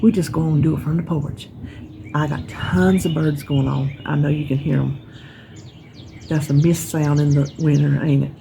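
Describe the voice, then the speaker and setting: A woman's voice: low-pitched, fairly even intonation, normal speed, vocal fry, background noise. A woman with a Southern US accent chatting casually on a porch, a rambling folksy storyteller. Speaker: vlogger. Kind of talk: casual chat vlog. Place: outdoors on a porch with birds around.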